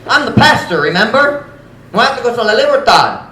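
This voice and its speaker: A man preaching a sermon as pastor, telling a story in an animated, frank, conversational way. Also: very high-pitched, a little fast. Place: church sanctuary. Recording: roomy church echo.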